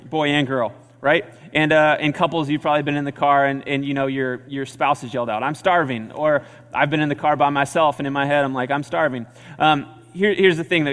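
A man's voice: on the high side, a bit bright. A man preaching a sermon as pastor, earnest and conversational, often repeating his phrases. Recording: church hall reverb.

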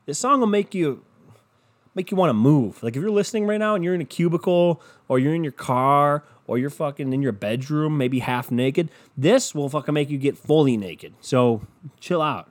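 A man hosting a podcast, ranting casually with constant swearing and a loud, animated delivery. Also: a little high, moderate pace. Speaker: podcast host.

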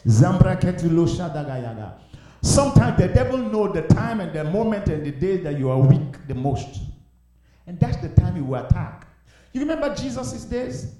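A man preaching a sermon, acting out Bible characters with shouts and laughter. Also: sits high, very animated, moderate pace. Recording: very echoey room.

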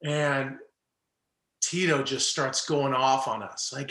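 Here the former baseball player talks slowly, his medium-pitched voice carrying a roomy sound. The middle-aged guest spins a casual story with animation, performing the lines of the people in it.

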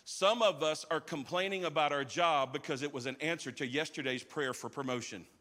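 Male pastor, somewhat high and forceful voice, energetic live sermon with call-outs, long sanctuary echo. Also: fairly quick. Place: large church auditorium.

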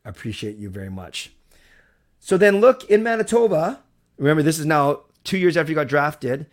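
A man's voice: a little high, lively intonation, a little fast. Chatty, rambling male livestream host. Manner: chatty, rambling, thanks viewers. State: recovered from a cold. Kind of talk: casual live-stream chat.

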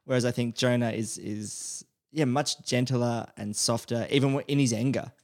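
A man's voice: mid-range voice, steady tone, moderate pace. Man telling stories on a podcast. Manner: storytelling, acts out quotes. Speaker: podcast host. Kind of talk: casual chat.

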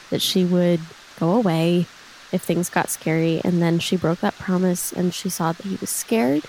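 A woman describes her character's actions in a tabletop game, casual and full of filler "like"s. Her voice sits at a middling pitch, with a faint hiss underneath. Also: a little mellow. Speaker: player.

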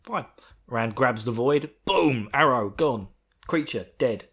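A man's voice: mid-range voice, slow pace, fairly bright tone, slightly rough. A man hosting a podcast, rambling through a casual book recap with swearing and self-mockery. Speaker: podcast host.

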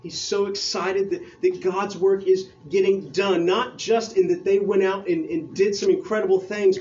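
High, excited young-sounding preacher man. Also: lo-fi sound, a little hiss or hum. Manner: excited, conversational, with slang and restarts. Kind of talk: casual youth sermon.

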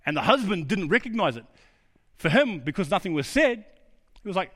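A man's voice: sits high, big pitch swings, a little fast, fairly bright tone. A male pastor preaching a sermon, emphatic and fond of repeating key words. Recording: long hall reverb.

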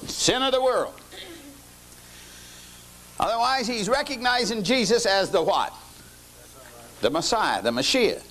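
A man's voice: sits high, sing-song, unhurried, long pauses, a bit bright. An older man teaching a lecture-style sermon, folksy, often quizzing his listeners with questions. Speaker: lay teacher.

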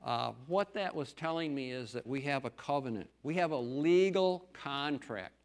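A man's voice: medium pitch, expressive, moderate pace. A middle-aged man, a farmer and lay preacher, giving an earnest, folksy testimony talk in church with emphatic stresses.

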